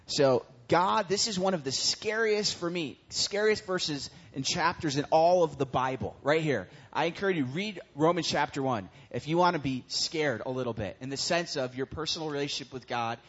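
A man preaching a sermon in a casual, conversational way, telling stories with lively animation. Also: on the high side, moderate pace, hardly any pauses. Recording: dull lo-fi recording.

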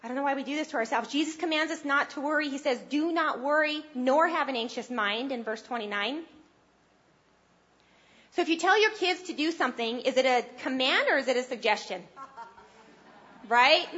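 A woman with a high voice preaches a sermon in an earnest, conversational way, lifting her voice to press a point home. The sound is dull and low-fidelity. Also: moderate pace, long pauses, a bit bright. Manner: earnest and conversational, rising with emphasis.

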